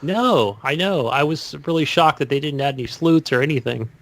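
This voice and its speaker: A man co-hosting a gaming podcast in casual chat, chiming in quickly and agreeably. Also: on the high side, lively intonation. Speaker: podcast co-host.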